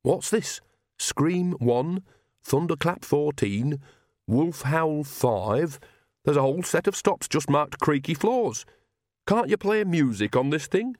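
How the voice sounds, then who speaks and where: A man's voice: a little high, lively intonation, slow, dry recording, clean studio sound, pitched above the performer's own voice. A man doing a cheeky old witch woman. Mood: curious. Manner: bright, chatty, cheeky. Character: brisk nosy old country witch woman.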